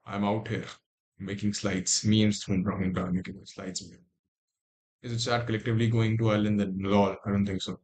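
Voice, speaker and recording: A man's voice: fairly low pitch, little pitch movement, a little fast, a little mellow. Young Indian man reading aloud on stream. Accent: Indian English. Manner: reads text aloud with muttered asides and restarts. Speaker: livestreamer. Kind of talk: casual livestream, reading aloud.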